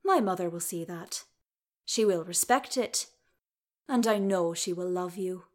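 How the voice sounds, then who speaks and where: A woman reading the part of a gruff, warm-hearted male dwarf warrior in a fan story read aloud. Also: on the low side, measured pace, close to an everyday voice. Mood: fond. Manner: gruff, fond.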